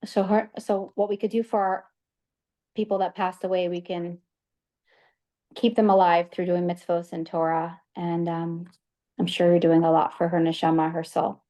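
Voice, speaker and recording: A woman host interviewing a guest, soft-spoken and sympathetic. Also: lowish voice, little pitch movement, normal speed.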